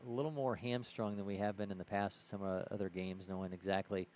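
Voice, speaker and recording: Low-voiced man calling baseball play-by-play. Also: steady tone, fast talker, a little mellow, slight background noise. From Ohio. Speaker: play-by-play commentator. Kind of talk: live baseball commentary.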